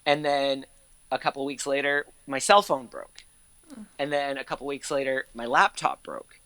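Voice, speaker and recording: Male guest, 30s, casual storyteller, lots of "like", swears easily; bright, slightly high voice, dry close sound. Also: expressive, moderate pace, no room sound. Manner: chatty, heavy use of "like", swears casually. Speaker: interview guest, actor and former court reporter.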